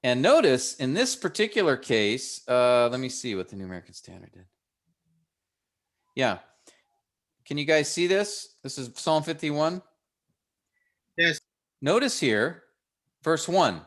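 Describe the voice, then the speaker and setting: A man teaching a workshop for pastors, explaining a text step by step in an unhurried way with frequent restarts. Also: medium pitch, very animated, fairly bright tone. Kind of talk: relaxed classroom teaching.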